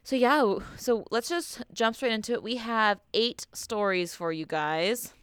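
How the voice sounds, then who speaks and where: A woman's voice: a little high, measured pace, fairly bright tone, clear, resonant tone, dry recording, clean studio sound. A young American woman co-hosting a podcast, chatting casually and rambling with lots of fillers and giggles. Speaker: podcast co-host.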